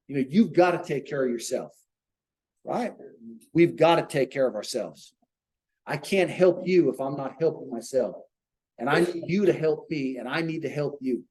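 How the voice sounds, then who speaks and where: A man's voice: a little high, a little fast, darkish tone, low-quality recording. Earnest man leading a Bible study. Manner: earnest, conversational, asks the group rhetorical questions. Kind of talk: informal Bible study teaching.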